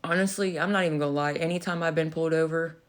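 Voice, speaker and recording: A young adult woman chats casually on a livestream, telling a story with animated energy in a low-sitting voice at a very fast clip. She swears, laughs, and sounds a bit out of breath.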